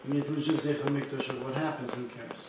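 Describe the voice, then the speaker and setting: A man in a study group, reasoning quickly through points and agreeing with the leader. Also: mid-range voice, fairly even intonation. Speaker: study partner. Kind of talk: text study discussion. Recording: distant, very echoey, muffled, noisy.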